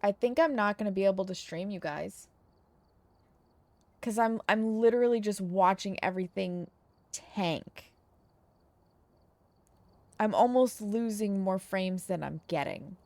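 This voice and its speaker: A woman's voice: mid-range voice, a little slow, long pauses, a little mellow, dry recording. Frustrated woman streamer venting. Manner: frustrated, venting, swears, talks straight to viewers. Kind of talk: casual live-stream chat to viewers.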